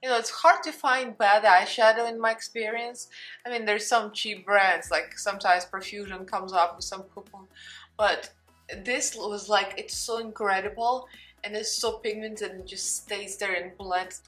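Young woman, Russian accent, mid-pitched, chatty makeup vlogger, faint music under her. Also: steady tone, normal speed, a bit bright. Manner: chatty, talks to her cat between steps. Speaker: beauty vlogger. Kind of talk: casual makeup tutorial chat.

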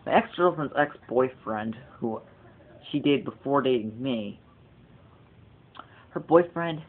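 A man's voice: mid-range voice, takes it slowly, narrow, tinny audio. A teenage boy rambling through a casual video blog, digressing often and swearing casually. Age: teens. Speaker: vlogger.

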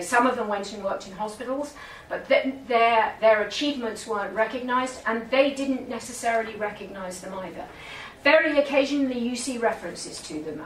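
A woman's voice: fairly high pitch, a bit bright. A British woman historian giving a public lecture, telling stories with asides and self-corrections. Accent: British English. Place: museum gallery. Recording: echoey room, distant mic, faint noise.

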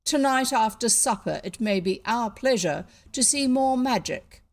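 A woman reading aloud, voicing a haughty male Pharaoh who gives slow, drawn-out commands. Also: a little high, animated, voice pushed up. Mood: commanding.

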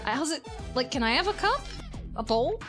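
A woman streamer giving live gameplay commentary, giggling often, swearing and reacting loudly to the game. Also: high voice, big pitch swings, normal speed, soft background music.

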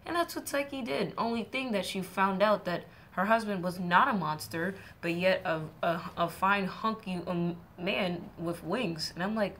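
A young woman casually retells an old myth for her stream, chatty and joking as she goes. A faint hiss sits under her voice at a middle pitch for a woman. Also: unhurried, few pauses, fairly bright tone. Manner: chatty and joking, acts out characters in playful voices. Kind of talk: casual storytelling to viewers. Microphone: streaming setup mic.

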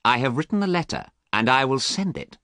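A man's voice: medium pitch, very animated, fairly quick, bright, forceful tone, no room sound, studio quality, voice pushed up. A man voicing a desperate young man who urgently commands and threatens. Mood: threatening. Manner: urgent, insistent pleading.

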